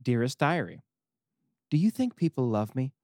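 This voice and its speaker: A man's voice: mid-range voice, big pitch swings, normal speed, darkish tone, no echo, clean studio sound. A man reading aloud as a self-pitying male God who keeps a diary, in a melodramatic, whiny manner. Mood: mopey.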